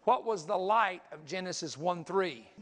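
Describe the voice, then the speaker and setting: A man's voice: high-pitched, animated, moderate pace. A man preaching a sermon, teaching energetically, counting aloud and pointing things out as he goes. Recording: long hall reverb.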